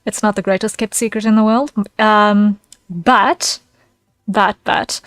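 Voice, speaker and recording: A woman's voice: mid-range voice, fairly even intonation, a little slow, dry recording. A woman streaming as a VTuber, chatting casually with her viewers, giggling and thanking them by name.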